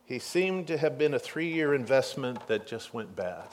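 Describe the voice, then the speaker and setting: A man giving a sermon, reading scripture aloud and retelling the story with animated swings between hushed and loud delivery. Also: medium pitch, a little slow, slight background noise. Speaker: pastor.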